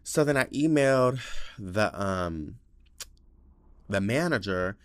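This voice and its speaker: A sassy man holds forth alone on his podcast, cursing freely and letting his voice leap up and drop low. His usual voice sits fairly low. The sound is dry and close, with no room around it. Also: animated, takes it slowly, clean tone, dry recording. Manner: sassy, profane storytelling with swings in pitch and loudness. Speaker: podcast host. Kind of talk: casual monologue.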